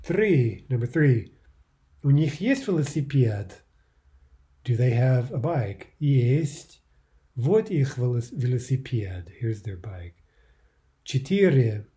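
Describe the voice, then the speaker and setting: A man teaching a recorded language lesson, explaining in English and reading out example phrases slowly. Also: mid-range voice, big pitch swings, mellow.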